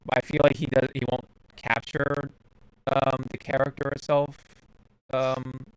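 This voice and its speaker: A man's voice: medium pitch, monotone, unhurried, smooth, no room sound, low-quality recording. Rambling man hosting a dry-sounding podcast. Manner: rambling, many fillers and restarts. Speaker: podcast host. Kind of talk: casual chat.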